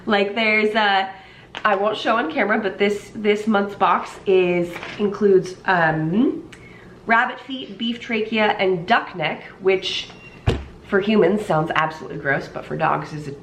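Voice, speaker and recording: A woman's voice: mid-range voice, slow, a bit bright. A woman in a casual vlog chat, rambling and laughing often, talking about shopping and dog treats. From Texas. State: pregnant. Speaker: vlogger. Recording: noisy home video.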